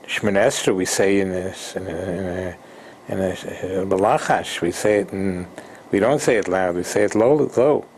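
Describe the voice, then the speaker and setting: A man teaching an informal Torah lesson, halting and repeating himself, mixing Hebrew terms into English. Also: sits low, a little mellow, a little hiss or hum. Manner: slow, halting, repeats words and restarts.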